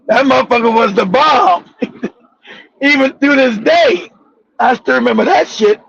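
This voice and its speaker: A middle-aged man from the United States, a former Marine, telling a profane anecdote in an animated way and laughing often. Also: very high voice, a little slow, creaky, breathy edge. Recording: dull lo-fi sound.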